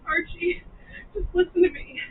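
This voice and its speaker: Brief: a frightened mother, very high voice, distant and tinny TV drama clip. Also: steady tone, moderate pace. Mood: pleading. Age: middle-aged. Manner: pleading, anxious. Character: worried mother pleading with her son. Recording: tinny distant clip played back with faint hiss.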